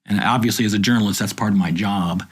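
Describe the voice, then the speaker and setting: A man's voice: on the low side, fast talker, slightly rough. A man, a journalist, chatting in a rambling, enthusiastic storytelling way. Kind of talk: casual chat.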